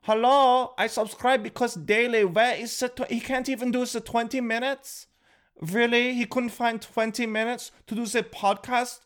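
A man doing a squeaky outraged fan. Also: steady tone, moderate pace, fairly bright tone, clean tone. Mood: indignant. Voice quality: high, squeaky complaining voice. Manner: indignant, nagging. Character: outraged whiny fan demanding his daily podcast.

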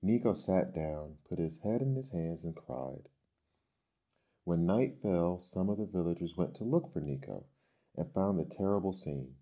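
A man reading children's stories aloud in a gentle, measured, expressive way. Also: deep voice. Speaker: storyteller. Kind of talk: storybook reading. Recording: dull lo-fi recording.

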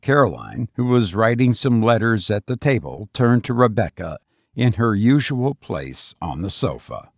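Slow husky male storyteller. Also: fairly low pitch, sing-song, dry recording, clean studio sound. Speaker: narrator. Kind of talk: storybook narration.

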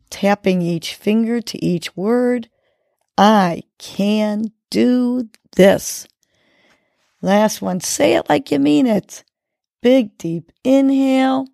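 Slow, encouraging woman podcast host. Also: medium pitch, creaky, dark tone, dry recording, studio quality. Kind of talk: guided breathing and motivational talk.

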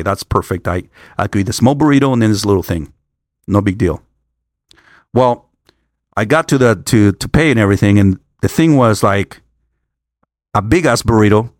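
A man's voice: on the low side, no echo, studio quality. An older man on a work trip, talking in a casual, rambling monologue, stumbling over restarts and swearing freely.

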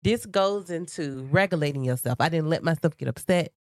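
A woman's voice: low-pitched, animated, fairly quick, darkish tone, no room sound. A woman with a cold co-hosting a podcast in casual chat, reproachful and talking over her partner. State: sick with a cold. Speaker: podcast co-host.

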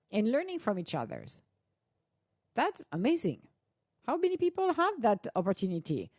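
Animated woman chatting, lively pitch. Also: moderate pace, long pauses, dry recording, clean studio sound. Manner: animated, laughs often, restarts sentences. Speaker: host of an audio chat room. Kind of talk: casual chat.

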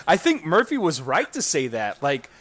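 A man co-hosting a casual movie review chat, talking in an animated, mocking way and acting out lines from the film. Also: a little high, measured pace, no echo. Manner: animated, mocking, acts out quotes. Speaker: podcast co-host.

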